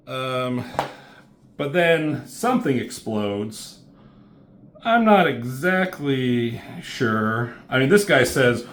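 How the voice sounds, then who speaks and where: A man's voice: medium pitch, lively intonation, slow pace, a little hiss or hum. A man talking casually through a comic book review, rambling and swearing, with plenty of fillers. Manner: rambling, profane, loose with fillers.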